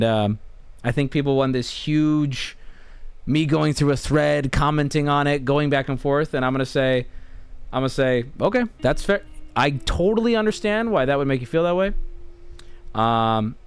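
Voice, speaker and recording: A man's voice: medium pitch, normal speed, clean tone, dry recording. An American man in casual stream chat, talking in a rambling, laid-back way. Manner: rambling, laid-back, often restarts and laughs mid-sentence.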